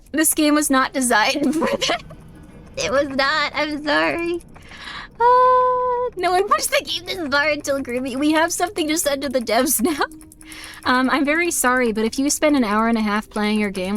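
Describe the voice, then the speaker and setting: A woman streaming a game live, giggling, apologizing and reading questions aloud before answering them. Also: high voice. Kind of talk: live gameplay commentary.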